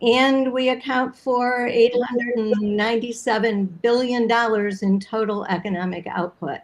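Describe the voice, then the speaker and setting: Woman guest expert, middle pitch, informative, steady delivery. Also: measured pace, poor audio. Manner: steady, fact-heavy explaining. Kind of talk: informative panel answer.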